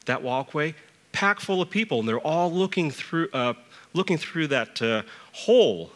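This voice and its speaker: Middle-aged male church elder, sermon delivery, bright tone, storytelling with emphatic pitch rises. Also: animated, moderate pace, big-room sound.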